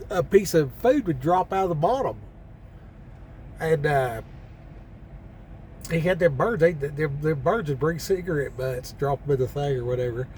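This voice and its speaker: A man with a slightly high voice tells loose, folksy stories in a country drawl, stopping and restarting as he goes. He talks from his truck cab on a mountain pass. A faint hum of vehicles and open air sits behind him. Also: a little mellow. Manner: rambling, folksy, with many fillers and restarts. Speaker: truck driver vlogger. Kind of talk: casual storytelling vlog.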